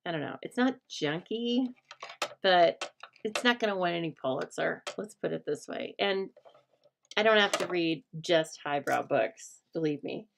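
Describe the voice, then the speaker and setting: A middle-aged American woman hosting a casual crafting chat, talking aloud as she works and often dropping to a soft murmur. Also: on the low side, animated, a little slow, gravelly, background noise. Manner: chatty, thinks aloud, drops to a soft murmur while working. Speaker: craft host.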